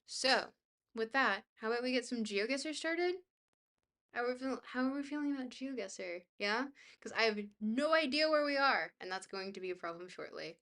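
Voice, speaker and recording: Young female streamer, bubbly and goofy, casually reading chat, with a crisp, bright tone. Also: on the high side, lively intonation, normal speed. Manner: bubbly, goofy, self-deprecating. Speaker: livestreamer.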